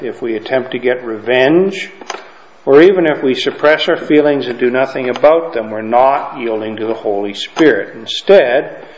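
Slow, conversational male Bible teacher. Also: mid-range voice. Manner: conversational, keeps checking in with "okay?" and "right?". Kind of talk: Bible lesson to a class. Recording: roomy, dull lo-fi room recording.

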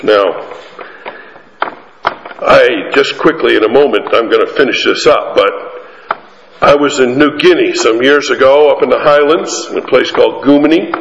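A man preaching a sermon, telling a mission story with animated, emphatic delivery that climbs to high peaks. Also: a little hiss or hum. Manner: animated, rising to emphatic peaks, drawn-out lines. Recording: echoey hall, muffled sound.

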